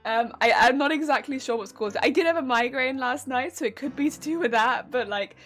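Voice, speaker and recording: A woman streamer chatting casually with her live chat while crafting, laughing often, her weak voice cracking when her pitch changes. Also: fairly quick, a bit bright, faint music behind. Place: home crafting stream setup.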